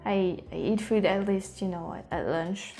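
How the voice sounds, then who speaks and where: French-accented woman, mellow tone, casual hesitant host commentary, faint music behind. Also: mid-range voice, steady tone, moderate pace. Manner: hesitant, many fillers and restarts. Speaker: YouTube host.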